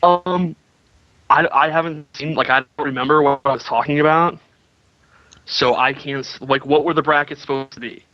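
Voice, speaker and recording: A man's voice: fairly high pitch, steady tone, normal speed, dry recording. A man with a slightly raised voice talks sheepishly and owns up to his mistakes. His voice comes through dull and muffled, as if over a remote call. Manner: sheepish, admits fault. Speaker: guest. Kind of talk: casual call-in talk.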